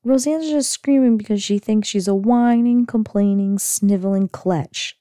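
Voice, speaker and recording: A woman putting on a higher voice for an eager, cheerfully pushy woman friend while recapping a sitcom. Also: moderate pace, warm tone, no echo, clean studio sound, lightly acted. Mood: coaxing.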